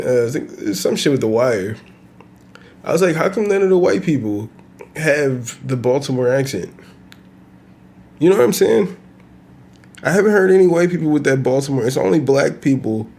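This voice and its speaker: A man with a medium-pitched, slightly mellow voice hosts his own podcast. He rants solo in a loose, rambling, profane way, breaking into bursts of laughter.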